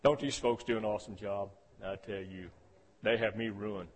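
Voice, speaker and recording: A man preaching a sermon as pastor, swinging between soft low passages and loud shouted ones, often calling out "Amen?". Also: steady tone, normal speed. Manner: calls for "Amen?" responses.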